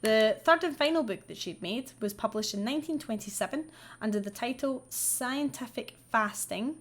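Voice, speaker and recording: A woman's voice: a little high, animated, normal speed. A woman, the host, telling a true-crime story in a chatty, sweary way with wry asides while she does her makeup. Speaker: vlogger.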